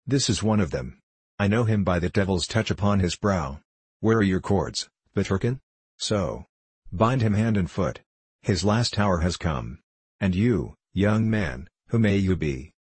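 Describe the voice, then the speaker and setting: A stern, commanding medieval bailiff with a low, husky voice, put on by a male storybook narrator. He barks out his orders in an old-fashioned manner. The sound is close and dry. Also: lively intonation, measured pace, dry recording, exaggerated voice. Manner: stern, blustering, archaic speech.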